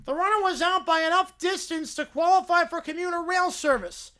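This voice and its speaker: A woman's voice: very high-pitched, a little fast, a bit bright, pitched above the performer's own voice. A woman voicing a bumbling, down-on-his-luck male cartoon lawyer who fumbles through excuses. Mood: flustered.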